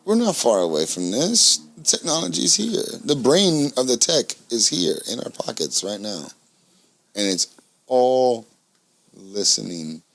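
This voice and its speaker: A man riffing, his voice lively and expressive. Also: a little slow, gravelly. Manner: riffs in bits, mimics phones and assistants in high voices. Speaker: podcast co-host. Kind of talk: casual comedic chat.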